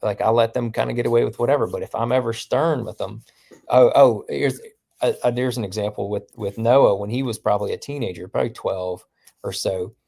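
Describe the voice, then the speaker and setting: Gravelly-voiced father telling stories. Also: mid-range voice, mellow. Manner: storytelling, halting with restarts, quotes his family. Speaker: guest. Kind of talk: casual conversation.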